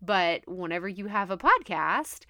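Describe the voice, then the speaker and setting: This woman's voice sits on the low side with big pitch swings, a sharp tone, and a slightly slow delivery. Hosting a podcast in a Texan accent, she's chatty and upbeat in a casual monologue, laughing often and saying "like" a lot, recorded dry in studio quality.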